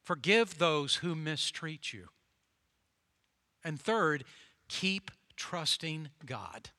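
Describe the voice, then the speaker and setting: Male pastor, storytelling sermon, emphatic repetition, bright, cutting voice, a bit high. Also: lively intonation, extremely slow, no echo. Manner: storytelling, emphatic with repeated phrases.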